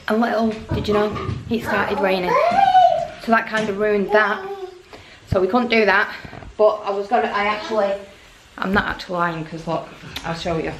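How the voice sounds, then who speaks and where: A chatty English woman in her forties talks straight to her viewers in a rambling vlog update. The room rings with echo, and steady background noise sits under her mid-pitched voice. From England. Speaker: family vlogger. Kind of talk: casual vlog to camera.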